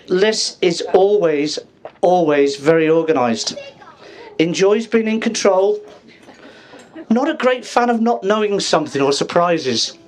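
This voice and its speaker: High-voiced father giving a wedding speech. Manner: jokey, teasing, drawn-out pauses for laughs. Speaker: father of the bride. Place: wedding reception room.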